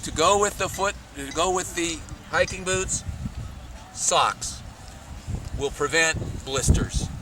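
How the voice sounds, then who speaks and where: A man explains backpacking clothing to scouts in a steady, deliberate instructional tone. He is recorded outdoors from a distance, so the voice sounds far from the mic. Loud wind and traffic noise run underneath him. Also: a little high. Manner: measured, plain, deliberate explaining.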